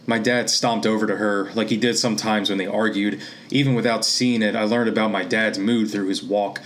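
A man from Pennsylvania reading his own literary fiction aloud in a steady, measured way. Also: on the low side, slight background noise. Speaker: author and reader.

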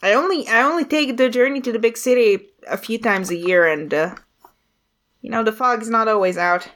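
A woman voicing a cautious middle-aged fisherman father steering a boat, speaking hesitantly with many pauses. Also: extremely high pitch, pushed and bright. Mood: cautionary. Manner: hesitant, full of pauses, warning tone.

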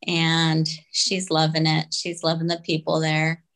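Slow, low-voiced hesitant woman guest. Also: monotone, poor audio. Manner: hesitant, many ums, soft laughs. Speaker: podcast guest. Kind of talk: casual interview chat.

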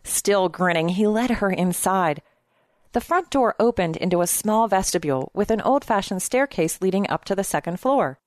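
A woman narrating a novel in a steady, measured storytelling manner. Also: mid-range voice, no echo, studio quality. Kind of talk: audiobook narration.

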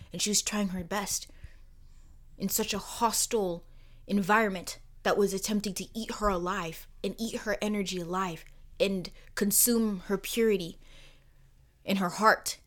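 A young adult woman of Caribbean origin hosting a podcast, talking in a personal monologue with emphatic rhetorical questions and soft near-whispered asides. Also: mid-range voice, steady tone, normal speed. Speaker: podcast host.

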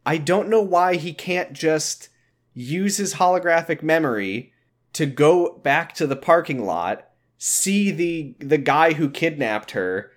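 A woman's voice: low voice, expressive, slow. A podcast co-host in casual chat, exasperated and swearing as she picks apart the plot of a show. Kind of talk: casual comedic recap chat.

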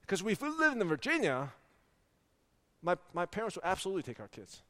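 A forty-year-old pastor preaching a sermon in a church, animated and full of rhetorical questions. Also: male voice, high voice, fairly quick, in a large hall. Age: 40s. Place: church sanctuary.

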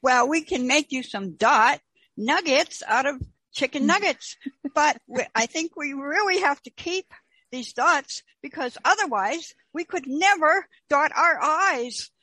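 A woman's voice: high voice, expressive, measured pace, sharp tone, dry recording, rough recording. A woman in an improv comedy game, playful and punning.

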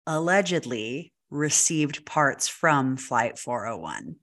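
A woman with a rumbling low voice co-hosts a podcast, slowly telling a ghost story in casual chat. She's animated, says "like" a lot, and acts out quotes.

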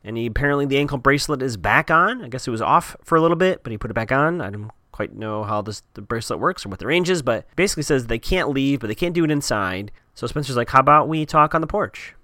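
A man's voice: mid-range voice, expressive, fast talker, few pauses, fairly bright tone, dry recording, studio quality. A man giving a chatty, wry recap of a TV episode with sarcastic asides.

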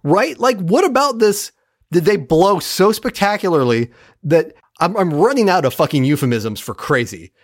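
A podcast host casually recapping a TV episode with heavy swearing and animated retelling. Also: mid-range voice, normal speed, no room sound, studio quality. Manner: profane, animated retelling of plot. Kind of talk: casual chat.

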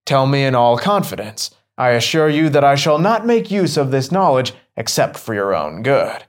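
A man's voice: mid-range voice, big pitch swings, moderate pace, lightly acted. A man voicing a learned, prudent older priest who questions with courteous severity. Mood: stern, probing. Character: learned older male priest, stern then indignant.

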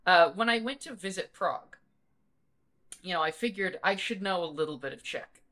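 A man's voice: high-pitched, animated, normal speed, pushed and bright. A man co-hosting a podcast in casual chat, rambling and laughing with lots of restarts. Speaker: podcast co-host.

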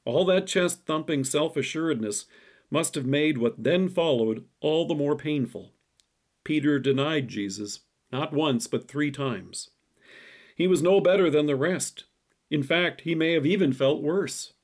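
A man delivering a scripted devotional message and reading scripture in a measured, deliberate way. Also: a little high, expressive. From city-raised. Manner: measured, reads scripture quotes slowly. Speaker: devotion speaker.

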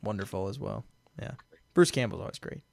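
A man co-hosting a podcast in casual chat, rambling and excited, laughing often. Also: on the low side, a little fast, creaky, dry recording, clean studio sound. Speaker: podcast co-host.

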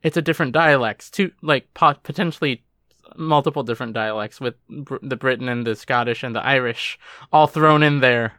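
A man's voice: medium pitch, moderate pace, pushed and bright, no room sound, clean studio sound. A man co-hosting a podcast in casual chat, rambling, trailing off and restarting his thoughts. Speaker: podcast co-host.

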